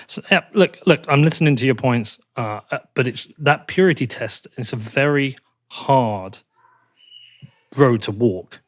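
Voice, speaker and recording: A man's voice: mid-range voice, a little slow. A man from the United Kingdom hosting a podcast, probing and pushing back with hypotheticals in a debate. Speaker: podcast host. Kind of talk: interview debate.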